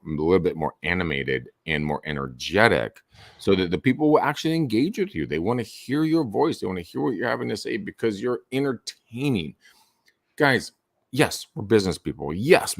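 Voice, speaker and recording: A man talks through cold-call advice in a low voice that swoops up and down with animated energy. The sound is dry, with no room around it. He coaches like a seasoned salesman. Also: dry recording. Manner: animated, swings his voice up and down for emphasis. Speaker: real estate sales coach. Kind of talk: podcast guest advice.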